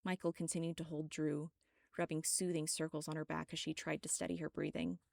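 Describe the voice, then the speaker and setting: A woman reads her own dark story aloud in a steady, dramatic way. Her voice is low and gravelly with vocal fry. The recording is dry and close. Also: brisk, no echo. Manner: steady, dramatic first-person reading. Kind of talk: audiobook narration.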